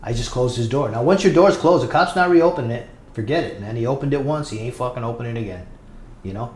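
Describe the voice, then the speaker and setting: A man's voice: mid-range voice, fast talker, darkish tone. A man telling a story about his time in prison, in a blunt, profane, conversational way, as a podcast guest. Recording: echoey room with faint noise.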